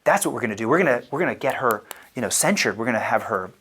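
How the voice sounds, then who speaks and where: A man voicing an overeager husband who keeps proposing solutions, speaking brisk and upbeat. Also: expressive, a bit bright, close to an everyday voice. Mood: earnest. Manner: brisk, solution-minded, raised pitch. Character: eager fix-it husband, overly upbeat.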